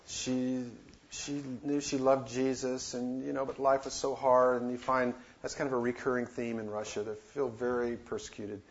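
A man telling a personal missionary story in a casual, halting way, with many fillers and restarts. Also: mid-range voice. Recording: dull lo-fi recording with faint noise.

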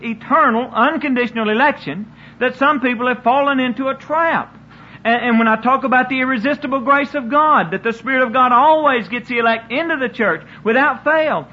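A man's voice: extremely high pitch, sharp tone, slight background noise. A man preaching a sermon in an earnest, repetitive style, often restarting his sentences. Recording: dull lo-fi sermon recording.

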